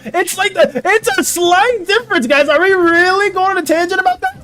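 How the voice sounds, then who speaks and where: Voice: very high-pitched, very animated, a little slow, fairly bright tone, soft background music. A streamer chatting casually on a live stream, rambling and giggly while reacting to chat.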